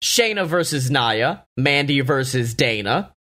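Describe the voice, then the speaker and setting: A man hosting a casual podcast, talking excitedly and profanely with lots of laughter and mock quotes. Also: mid-range voice, unhurried. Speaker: podcast host. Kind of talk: casual wrestling podcast chat.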